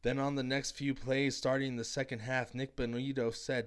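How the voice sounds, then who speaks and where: A man's voice: mid-range voice, level tone, moderate pace, hardly any pauses, smooth. A man ranting about a football game, brash and mocking, with profane trash talk at his critics. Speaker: sports commentator. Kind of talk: heated sports reaction rant.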